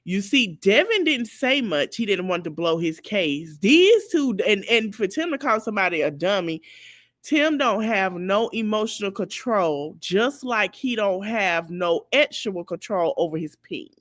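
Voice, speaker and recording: A woman podcast host giving casual commentary, talking straight to her viewers in an animated way. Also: mid-range voice, measured pace, no echo.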